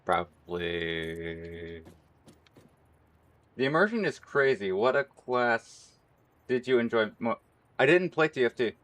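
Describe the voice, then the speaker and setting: A hoarse man streaming and chatting casually, rambling and laughing often. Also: mid-range voice, sing-song, slow pace, long pauses, fairly bright tone. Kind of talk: casual live-stream chat.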